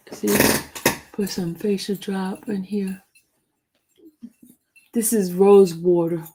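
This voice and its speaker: A woman's voice: lowish voice, creaky, mellow, a little hiss or hum, poor audio. A woman vlogger chatting casually to her viewers, rambling and answering comments from live chat.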